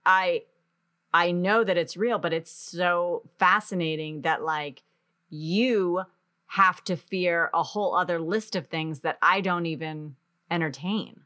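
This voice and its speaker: A woman's voice: on the low side, slow, bright, forceful tone. A woman hosting a casual conversation, listening closely and reacting often with short interjections.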